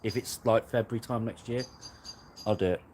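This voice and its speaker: Low-voiced man, chatting and laughing. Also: steady tone, brisk, a little mellow, slight background noise. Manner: rambling, self-mocking, laughs often. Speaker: host. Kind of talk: casual live chat. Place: garden at night, outdoors.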